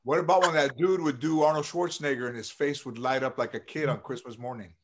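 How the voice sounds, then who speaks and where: A man's voice: medium pitch, steady tone, quick pace, background noise. A man recalling a film shoot in casual chat, reflective and drawn out, with the odd curse.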